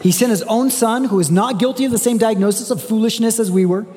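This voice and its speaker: High-voiced man preaching in a reverberant hall. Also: fast talker, mellow. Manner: earnest, conversational preaching with frequent restarts. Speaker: pastor. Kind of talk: sermon. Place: church.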